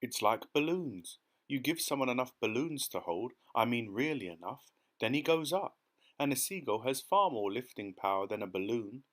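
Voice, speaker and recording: A man voicing an earnest young boy who calmly and steadily explains his plan in an audiobook. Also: mid-range voice, moderate pace. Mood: determined. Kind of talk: audiobook character reading.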